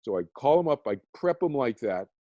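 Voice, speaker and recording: A man's voice: medium pitch, very animated, fairly quick, no echo, lo-fi sound. A man talking as a guest, explaining earnestly with frequent restarts and checking in with "okay?". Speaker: guest, meditation teacher.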